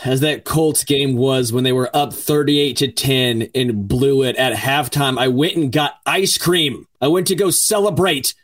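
A man in a casual sports chat who jokes and swears as he tells fan stories. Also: medium pitch. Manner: joking, profane, quick.

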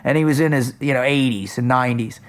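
A man co-hosting a podcast, telling an emphatic, energetic story with quick restarts. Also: medium pitch. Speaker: podcast co-host. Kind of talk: casual storytelling chat.

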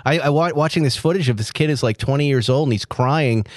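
A man co-hosting a casual podcast chat, animated and rambling, often restarting and laughing as he talks. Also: medium pitch, quick pace, no room sound, studio quality. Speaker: podcast co-host.

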